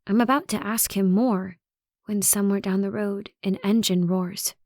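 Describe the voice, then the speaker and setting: A woman narrates a first-person horror audiobook, her telling tense and expressive. Her pitch sits in the middle and the sound is dry and close. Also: normal speed, no echo.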